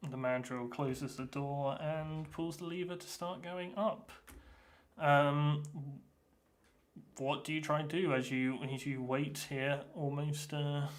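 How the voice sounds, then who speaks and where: A man's voice: a little high, steady tone, slow pace. A man narrating as game master of a tabletop game, hesitant and full of fillers and restarts.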